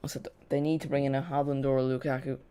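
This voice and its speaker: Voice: medium pitch, little pitch movement, quick pace, warm tone, smooth. A watch-along host giving casual live football chat, rambling and correcting themself, with dry sarcastic asides.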